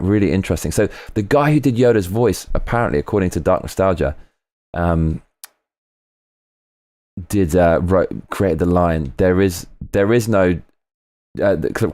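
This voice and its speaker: Guy, deep low voice, rambly livestream chat, reads comments out, dry close sound. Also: no room sound. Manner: rambling and animated, swinging pitch, frequent restarts. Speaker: livestream host. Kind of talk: casual livestream chat reading viewer comments.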